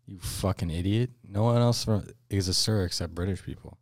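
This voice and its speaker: A young man with a very low voice co-hosts a casual podcast. He teases the others in a dry, offhand way and swears freely. His voice sounds close and dry, with no room echo. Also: fairly quick. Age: young adult. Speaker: podcast co-host. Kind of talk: casual chat. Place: room at a school.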